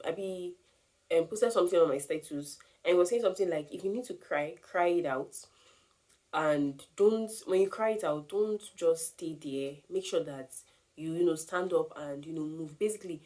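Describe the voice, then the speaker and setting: A woman, talking earnestly to camera and giving advice on grief. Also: lowish voice. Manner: earnest, animated, emphatic. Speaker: vlogger sharing grief advice. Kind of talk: casual talk to camera.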